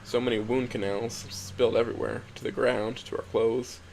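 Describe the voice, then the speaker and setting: A young man reading a first-person story aloud in a quiet, introspective, halting way. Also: medium pitch, little pitch movement, gravelly, slight background noise, rough recording. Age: young adult. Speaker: narrator.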